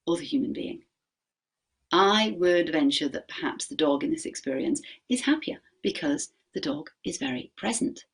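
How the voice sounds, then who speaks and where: A woman teaching mindfulness to teachers. She asks the group questions, checks in with "okay?", and slows to a gentle pace when she guides a practice. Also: medium pitch, slightly rough.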